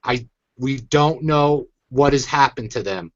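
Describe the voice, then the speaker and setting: A man's voice: medium pitch, unhurried, no room sound, muffled recording. A man hosting his own online show, venting in an agitated, emphatic rant. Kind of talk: angry ranting commentary.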